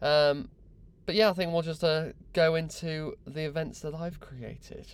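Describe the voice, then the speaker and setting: A man's voice: a little high, steady tone, measured pace, clear, resonant tone. A young man hosting a podcast, mocking and exasperated in a sweary comic rant. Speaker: podcast host.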